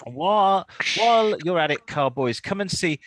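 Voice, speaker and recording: A man's voice: high voice, lively intonation, normal speed, fairly bright tone, no echo. A man co-hosting a casual car podcast, rambling and joking, laughing mid-sentence. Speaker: podcast co-host.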